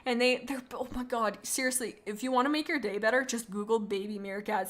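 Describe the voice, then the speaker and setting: A young adult woman streaming, chatting casually in a rambling, excitable way as she gushes about cute animals. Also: a little high, a little fast, few pauses. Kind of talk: casual livestream chat.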